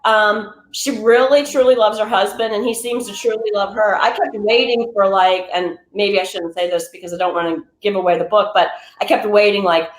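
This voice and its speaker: A woman's voice: mid-range voice, fairly even intonation, normal speed, hardly any pauses, slight background noise. A woman guest on a podcast, a bookseller, talking thoughtfully about a book with lots of "kind of" and "like". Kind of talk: casual book discussion. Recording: roomy echo.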